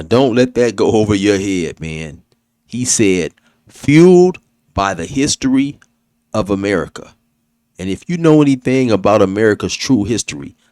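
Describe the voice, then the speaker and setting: A man's voice: lowish voice, darkish tone, no echo, clean studio sound. A man hosting a reaction commentary who speaks directly to the viewer. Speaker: commentary host.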